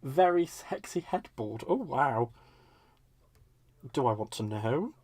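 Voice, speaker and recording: A man's voice: medium pitch, animated, slow, a little mellow, breathy edge, dry recording. A man hosting a live crafting demonstration from his home desk. He chats with viewers in a playful, camp, teasing way while he works. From United Kingdom. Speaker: crafting livestream host. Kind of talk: live crafting demo chat.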